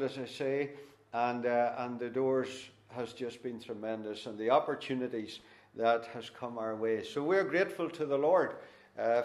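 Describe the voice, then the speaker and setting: Middle-aged Northern Irish man, guest preacher, folksy and self-deprecating, mid-pitched voice. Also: roomy sound. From Northern Ireland. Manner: homely, folksy, with gentle self-deprecating humour. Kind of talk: sermon introduction and Bible reading.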